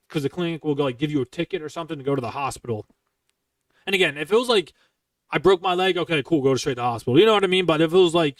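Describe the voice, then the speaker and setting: A young man telling military stories in casual, profane style, bluntly and with lively quoted dialogue. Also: a little high, dry recording, recorded from a distance. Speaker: streamer recounting military stories.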